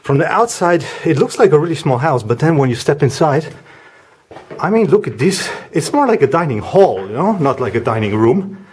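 A man talking casually as he walks through a house, giving a vlog tour with a chatty, wry, deadpan humor. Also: a little high, normal speed, slight background noise. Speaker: vlogger house sitting.

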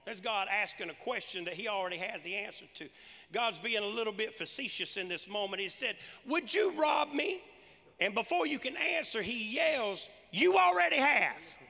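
A man preaching with a high, gravelly voice that has a bright, forceful edge. His delivery is punchy and conversational, and long reverb trails his words around a large church sanctuary. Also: lively intonation, a little fast. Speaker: pastor. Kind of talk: sermon.

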